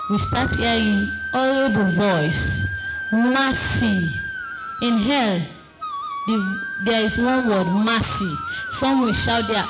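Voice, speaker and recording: With a medium-pitched voice, huge pitch swings, and a measured pace, a woman speaks an impassioned testimony, sometimes crying out and shouting. The low-quality recording has music behind her.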